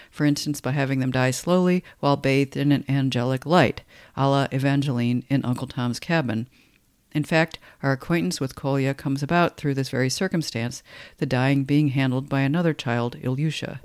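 A man giving scripted commentary on a novel for writers, measured and wry. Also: mid-range voice, smooth, no echo, studio quality. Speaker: literature podcast host.

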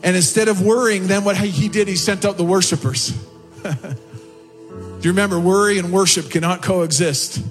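Male pastor, impassioned sermon delivery, high voice, faint music under. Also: steady tone, moderate pace. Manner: impassioned preaching, rising in pitch on quotes and prayers. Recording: long hall reverb with faint music behind. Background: soft music.

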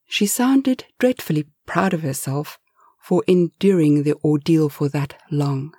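A woman narrating a story in a slow, gentle, expressive way, with soft whispered asides. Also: deep voice, slightly rough, dry recording, studio quality.

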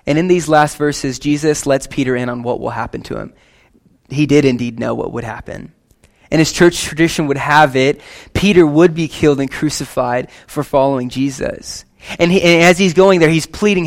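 A young man preaching a sermon to his church in a lively, conversational way, with quick asides and casual slang. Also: on the high side. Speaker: pastor.

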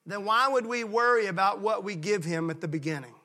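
Male pastor from Mississippi, emphatic sermon delivery, high-pitched and ringing. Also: lively intonation. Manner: emphatic preaching, slows down to stress key lines; acts out folksy characters in quieter voices.

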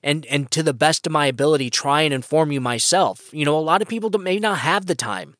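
Fast-talking and fairly high-pitched with a slightly bright tone, this political podcast host rambles through a passionate, emphatic solo opinion piece, restarting often. It's captured on a podcast mic at studio quality with no echo.

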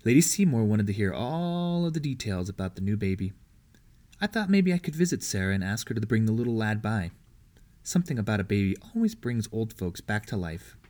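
A man's voice: on the low side, very animated, fairly quick, darkish tone. Man reading a historical audiobook. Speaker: audiobook reader. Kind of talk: audiobook narration.

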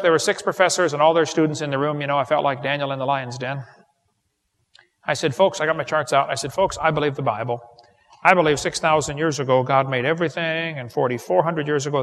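A man delivers a seminar lecture in a gravelly, slightly raised voice, telling folksy stories that land on punchlines. His words ring with the long reverb of a large hall, as in a live seminar recording. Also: fairly high pitch, fairly bright tone. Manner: folksy, joking storyteller who builds to punchlines. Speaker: creationist seminar speaker.

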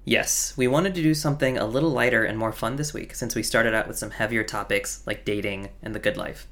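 A male podcast co-host with a gravelly, bright and forward tone. He reads a scripted intro in an upbeat, friendly and clear way. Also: on the low side, fairly even intonation, fairly quick.

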